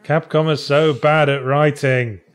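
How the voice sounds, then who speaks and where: A man's voice: on the high side, steady tone, a little slow. A man giving dry, sarcastic commentary while playing a video game, humming and muttering to himself as he goes. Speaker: let's play co-host. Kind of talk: casual gameplay commentary.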